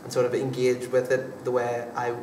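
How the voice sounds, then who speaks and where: A young man talks through his acting work in a hesitant, halting way, full of fillers and restarts. His voice stays flat and even. He sounds distant, in an echoey room with a faint hum of noise behind him. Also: medium pitch. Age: young adult. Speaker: drama student actor being interviewed. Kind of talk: casual interview answers.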